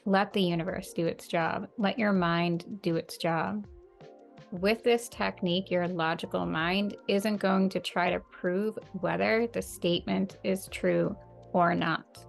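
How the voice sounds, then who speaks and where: A woman manifestation coach talks in a slow, earnest, measured way, coming back to key phrases for emphasis. Her voice stays flat and even with a heavy gravelly fry running through it. Faint music plays behind her. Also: on the low side. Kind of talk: slow, calm motivational talk.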